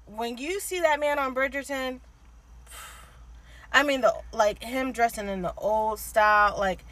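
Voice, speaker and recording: A woman's voice: fairly high pitch, measured pace, fairly bright tone, rough recording. A woman co-hosting a podcast, gushing in casual chat and filling her talk with "like" and "um.". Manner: gushing, filler-heavy with lots of "like". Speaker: podcast co-host.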